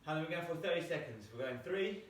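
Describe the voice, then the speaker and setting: A man's voice: a little high, expressive, fast talker. A man teaching a home exercise lesson, counting out jumps while doing them and getting out of breath. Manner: counting reps aloud while jumping. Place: small room at home. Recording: echoey room, mic far off.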